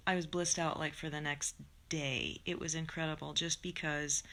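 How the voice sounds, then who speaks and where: Chatty woman teaching meditation. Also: deep voice. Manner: chatty and animated, laughing, then slow soothing guidance. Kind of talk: live-streamed meditation class. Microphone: phone or computer mic.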